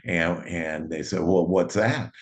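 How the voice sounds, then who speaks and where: A middle-aged man with a notably low voice hosts a relaxed conversation. He rambles with plenty of fillers, "uh"s and self-corrections as he tells stories. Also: takes it slowly. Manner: rambling, with many fillers and restarts. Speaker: host. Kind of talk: casual conversation.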